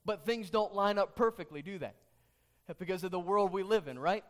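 Pastor, male, slightly high voice, earnest sermon delivery with repeated questions. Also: moderate pace. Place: church sanctuary.

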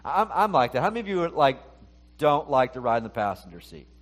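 A man's voice: mid-range voice, big pitch swings, fairly quick. A middle-aged male pastor giving a conversational sermon, talking to the congregation and acting out the inner voices he quotes.

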